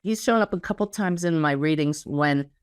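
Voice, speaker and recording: An author being interviewed, she speaks earnestly and slows down deliberately when she quotes the guidance she received. Her voice sits a little low for a woman, and the recording is dry and close. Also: smooth, dry recording. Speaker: interview guest, spiritual author. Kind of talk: casual conversational interview.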